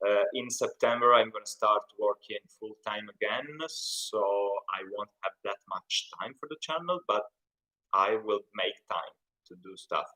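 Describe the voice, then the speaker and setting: A man's voice: on the low side, unhurried, pushed and bright, poor audio. A young Italian man with an Italian accent, hosting a casual live stream Q&A and chatting in a rambling way. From Italy. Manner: chatty, rambling, reads out chat comments. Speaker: YouTube channel host.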